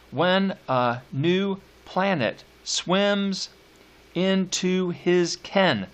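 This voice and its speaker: A male teacher giving a recorded poetry lecture. He reads verse slowly with drawn-out stresses and drops casual asides between the lines. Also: sits high, expressive, fairly bright tone, muffled recording.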